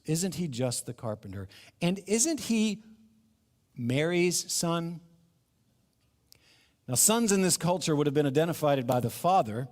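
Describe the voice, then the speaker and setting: A middle-aged man preaches a sermon with animation, slipping into the voices of doubting townspeople. His voice sits a little high for a man. The sound carries the long reverb of a church hall. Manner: animated, acts out crowd voices, laughs between points. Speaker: pastor. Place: church sanctuary.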